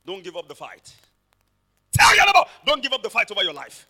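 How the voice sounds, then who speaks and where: Guy preaching with a high piercing bright voice, goes big and dramatic, shouts a lot. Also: big pitch swings, fast talker, breathy edge. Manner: dramatic storytelling, shouting peaks. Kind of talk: sermon.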